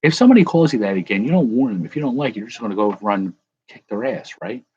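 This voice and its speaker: A man's voice: mid-range voice, sing-song, quick pace, a little mellow, husky, highs cut off. A man hosting a casual live chat, rambling and correcting himself as he answers viewers. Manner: rambling, self-correcting, chuckling. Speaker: livestream host.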